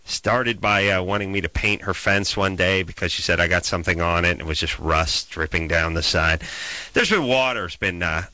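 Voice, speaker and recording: A man's voice: deep voice, normal speed, bright, forceful tone, dry recording. A middle-aged man telling a story in casual comedic chat, ranting and sardonic.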